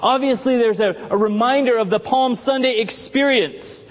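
A man preaching a sermon in a church, his voice pitched high above most men's. He keeps it conversational, asking the congregation questions as he goes. The sound rings with the long reverb of the sanctuary. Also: moderate pace. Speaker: pastor.

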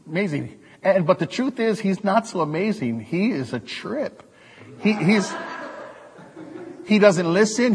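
A male preacher giving an animated, joking sermon to his congregation. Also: sits high, long reverb tail. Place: church hall.

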